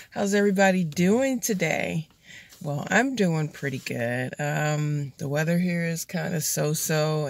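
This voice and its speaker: Middle-aged American woman, gravelly voice, rambling and chatty, acting out her own phone calls. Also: sits low. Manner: chatty, many ums and restarts, acts out both sides of phone calls. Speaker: vlogger. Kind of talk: casual vlog storytelling.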